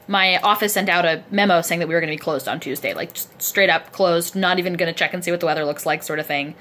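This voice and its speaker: This vlogger is a woman with a bright yet lowish voice who speaks briskly, chatting and rambling with a self-deprecating streak. She's sore and aching, sitting in a chair at a friend's place indoors and recording a casual video diary with the camera close to her face.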